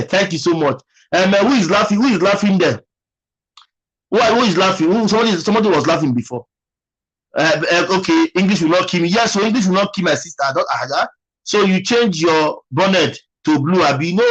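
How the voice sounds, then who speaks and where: Husky Nigerian man chatting on a live stream. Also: a little high, a bit bright, lo-fi sound. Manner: chatty, thanks viewers by name, muses aloud. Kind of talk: casual live-stream chat.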